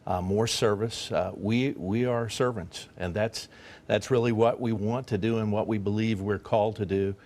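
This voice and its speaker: A man who runs a mission flight charity, speaking earnestly and haltingly on a TV panel. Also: lowish voice, steady tone, darkish tone. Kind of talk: TV panel discussion.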